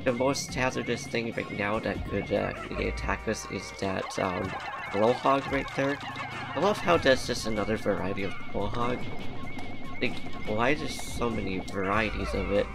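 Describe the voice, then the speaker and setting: A man's voice: lowish voice, moderate pace, vocal fry. A man giving casual, rambling gameplay commentary, laughing often and using slang. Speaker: let's play commentator. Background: game music.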